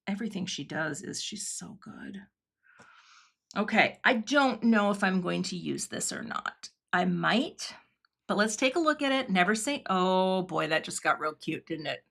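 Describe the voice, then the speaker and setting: A woman's voice: medium pitch, vocal fry, fairly bright tone. A woman hosting a live craft stream, chatting and thinking aloud as she works and thanking viewers in the chat. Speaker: craft livestream host.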